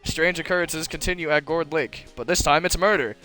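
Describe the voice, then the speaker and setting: A man reading a male TV news anchor's lines in a measured, announcer-like way. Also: fairly high pitch, sharp tone, faint music behind. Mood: formal.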